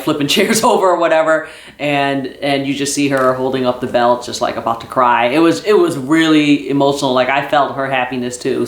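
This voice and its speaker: Male fan vlogger, slightly high voice, rambling casual recap, echoey room. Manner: rambling, many fillers and restarts; excited fan. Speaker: wrestling vlogger.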